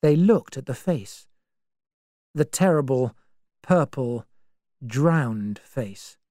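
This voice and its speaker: Woman narrator, storybook reading, very slow and measured, lively lilting pitch, low voice, dry close sound. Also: no room sound.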